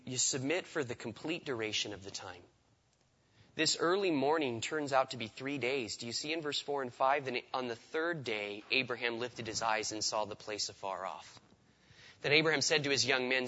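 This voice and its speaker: A man's voice: medium pitch, normal speed, bright, forceful tone, dull audio. Man preaching in a hall. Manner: conversational, repeats words when starting sentences. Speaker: pastor. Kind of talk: sermon.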